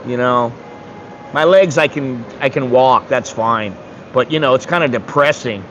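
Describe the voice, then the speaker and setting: A man's voice: mid-range voice, normal speed, a bit bright, muffled recording, a little hiss or hum. A man in his sixties from the United States, rambling bluntly and with some swearing in a casual livestream chat. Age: 60s. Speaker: streamer.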